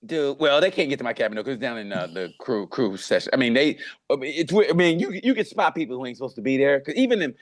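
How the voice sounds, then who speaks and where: A man's voice: mid-range voice, lively intonation, fast talker. A man co-hosting a comedy podcast, telling profane stories in casual chat and laughing often. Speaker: podcast co-host.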